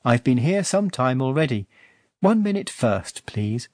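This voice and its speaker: A man voicing an old fairy in an audiobook reading, calm and knowing. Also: medium pitch, a little slow, no echo, studio quality.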